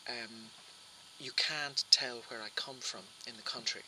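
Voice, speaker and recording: A man with a flat Irish accent, explaining at length in an interview, often restarting his sentences. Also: mid-range voice, a little slow, a little hiss or hum, low-quality recording. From Ireland. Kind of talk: interview answer.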